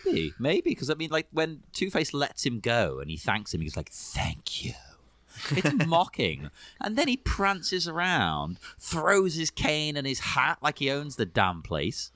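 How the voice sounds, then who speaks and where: A man's voice: fairly high pitch, wildly swooping pitch, measured pace, hardly any pauses, bright, forceful tone, no echo. A man talking enthusiastically in a casual film podcast chat. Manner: enthusiastic, laughs often.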